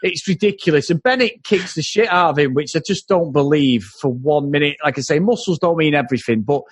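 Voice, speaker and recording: Bloke, fairly high voice, dry sound, bantering about films with lots of innit and didn't he. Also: brisk, slightly rough, dry recording. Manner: conversational, full of tag questions, blunt and jokey. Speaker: podcast co-host. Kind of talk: casual film review chat.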